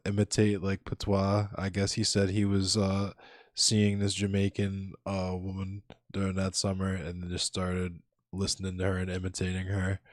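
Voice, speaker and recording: A man's voice: low-pitched, completely flat delivery, moderate pace, no echo, clean studio sound. A man hosting a stream, chatting loosely, laughing often and swearing freely. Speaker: streamer host. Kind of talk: casual stream chat.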